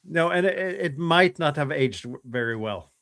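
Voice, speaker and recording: Man in a measured, wry chat. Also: a little high, animated, a bit bright. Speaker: co-host. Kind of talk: casual chat.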